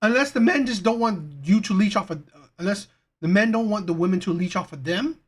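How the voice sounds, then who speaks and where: An emphatic reaction host rants in commentary over a video clip. The pitch swings widely, and nearly every point ends with a pushy "right?" The delivery is blunt, with plenty of swearing. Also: animated, a little fast, slightly rough.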